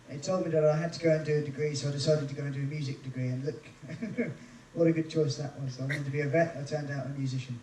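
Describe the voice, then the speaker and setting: A man's voice: fairly high pitch, steady tone, a little fast, darkish tone, a little hiss or hum. Chatty man joking on stage, roomy and distant. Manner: chatty, self-mocking jokes between songs. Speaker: cruise ship singer and entertainer. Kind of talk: live singing and stage banter. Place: large room on a cruise ship, live with audience. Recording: echoey, distant live recording with band.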